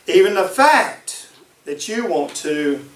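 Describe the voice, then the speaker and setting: A man preaches a sermon in a fairly high voice and drives points home by repeating them. He sounds set back from the mic in an echoey room. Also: big pitch swings, takes it slowly, a bit bright, recorded from a distance. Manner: emphatic, repeats key phrases.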